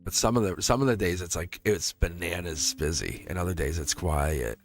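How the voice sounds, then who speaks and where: A man's voice: deep voice, moderate pace, soft background music. A middle-aged man hosting a live tarot stream, rambling in a casual, chatty way and laughing often. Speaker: tarot reader and livestream host. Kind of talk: casual livestream chat.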